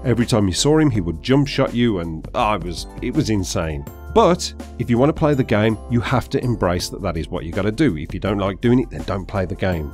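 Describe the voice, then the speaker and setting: A man's voice: on the low side, brisk, few pauses, faint music behind. Gamer guy ranting, sarcastic and sweary, voice all over the place. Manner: animated, sarcastic, sweary rant. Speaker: gaming commentator. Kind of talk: ranting gameplay commentary.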